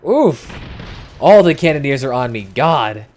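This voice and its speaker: A man's voice: medium pitch, sing-song, unhurried, a little mellow. A young man commentating casually as he livestreams a game, chatting with viewers and swearing freely. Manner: chatty, swears freely, reads chat aloud. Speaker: gaming livestreamer. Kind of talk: casual live commentary while playing.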